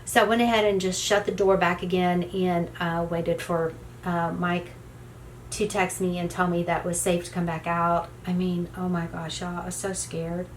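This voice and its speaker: A woman's voice: lowish voice, level tone, normal speed, a little hiss or hum. A middle-aged woman tells a story in a casual, rambling way while doing her makeup, with many "you know" fillers. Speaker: beauty vlogger.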